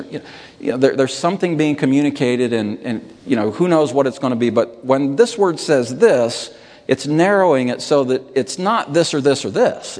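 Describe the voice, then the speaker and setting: A man preaching a reflective sermon, musing aloud and slowing down over scripture, lifting his voice on key words. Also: mid-range voice, darkish tone, long reverb tail.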